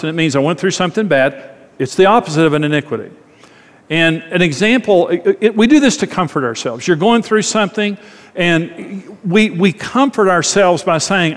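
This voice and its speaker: Guy pastor preaching, kinda high voice, long echo like a big church hall. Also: a bit bright. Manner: conversational, acts out quoted voices, repeats phrases. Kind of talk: sermon.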